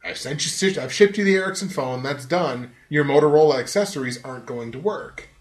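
A man hosting a casual podcast, telling a story in a lively, profane way and laughing often. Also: a little high, brisk, roomy sound. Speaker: podcast host.

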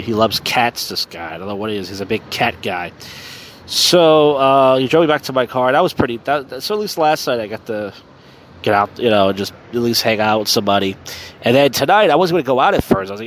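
A man's voice: medium pitch, expressive, quick pace, slight background noise. Drunk man rambling outdoors. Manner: rambling, crude, self-deprecating. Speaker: podcast host. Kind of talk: casual rambling podcast monologue, live streamed. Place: outdoors on a city street at night.

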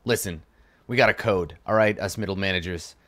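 A man's voice: low voice, brisk, a bit bright, pitched below the performer's own voice. A man doing a bitter, scheming middle manager. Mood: pleading. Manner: grumbling and conspiratorial.

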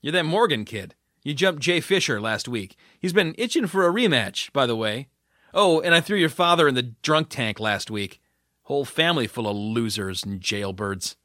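A bullying small-town cop, gruff and sneering, read by a man. The tone is bright and pushy, recorded close and dry. He talks down to his prisoners and threatens them. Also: medium pitch, expressive, moderate pace, no room sound. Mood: mocking. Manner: taunting, threatening.

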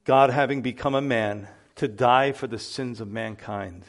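A male pastor preaching a sermon, building to loud emphatic exclamations. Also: medium pitch, unhurried.

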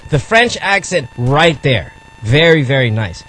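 A man's voice: medium pitch, animated, measured pace, fairly bright tone, rough recording. A man hosting a radio call-in show, joking and rambling as he teases callers in casual banter. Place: radio studio.

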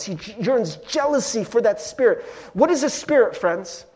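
High-voiced and slightly rough, a pastor talks at a moderate pace with few pauses in a conversational sermon. Animated and joking, he addresses his congregation directly as friends and guys.

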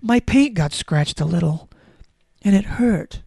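A sorrowful, melodramatic wheelchair pours out its diary, slow and mournful, in a dry, close sound, read by a woman. It laments its plight in mock-tragic tones at a middle pitch. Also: animated, creaky, warm tone, slightly rough, no room sound, heavily acted. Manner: mock-tragic, breaking into giggles. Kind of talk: reading a diary aloud.

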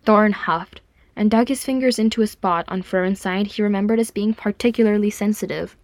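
Woman reader, calm storytelling, mid-pitched voice, dry close mic. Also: fairly quick, dry recording. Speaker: audiobook reader. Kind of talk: fan fiction audiobook narration.

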